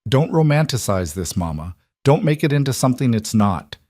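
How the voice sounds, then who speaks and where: A man's voice: medium pitch, sing-song, brisk, a little mellow, no echo, studio quality, voice pushed up. A man voicing a young bride, bitter and pleading, her voice rising as she confronts her mother. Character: young bride, raw, angry and trapped woman.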